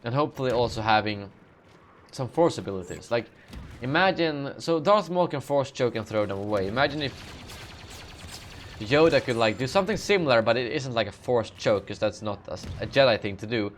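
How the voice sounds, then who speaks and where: A man's voice: mid-range voice, animated, brisk, slight background noise. A young man hosting a live gaming Q&A, reading out chat questions and answering in a sleepy, rambling way with many fillers and self-corrections. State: sleepy, yawning. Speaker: gaming channel host.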